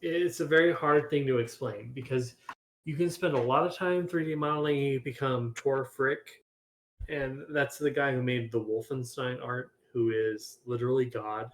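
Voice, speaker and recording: A man chats loosely in a group voice call, stumbling and restarting as he explains, hiccuping now and then. His voice sits at an ordinary middle pitch for a man. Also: steady tone, normal speed. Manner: rambling, restarts often, hiccuping. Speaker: game developer, 3D modeler. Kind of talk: casual voice chat.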